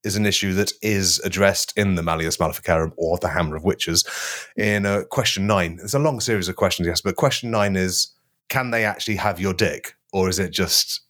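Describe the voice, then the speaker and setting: A man's voice: sits low, brisk, fairly bright tone. A man hosting a comedy podcast, joking and reading old passages aloud with mock gravity. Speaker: podcast host reading a historical text.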